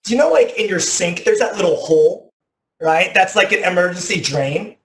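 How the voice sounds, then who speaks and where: A man in his thirties telling a personal story as a motivational talk, animated, often saying "like", with loud bursts at dramatic moments. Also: high-pitched, moderate pace. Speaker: teacher giving a motivational talk. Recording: echoey room.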